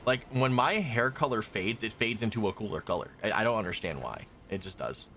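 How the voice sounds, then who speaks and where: A man's voice: lowish voice, lively intonation, fairly quick, pushed and bright, slight background noise. A young adult man streaming a game, chatting loosely with his viewers as he plays. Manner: chatty, rambling, talks to chat while playing. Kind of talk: casual gaming stream chat.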